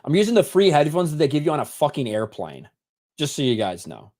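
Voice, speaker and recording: A man's voice: a little high, huge pitch swings, brisk, a little mellow. A man hosting a live stream, introducing guests with loose, profane jokes. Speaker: host. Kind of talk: casual live stream chat. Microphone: headset.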